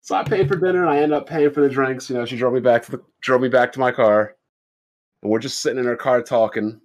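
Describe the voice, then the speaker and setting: A young adult man on a podcast tells a dating story bluntly and casually, with plenty of profanity, voicing both sides of the conversation himself. He has a mid-range voice with fairly even intonation and speaks at a quick pace.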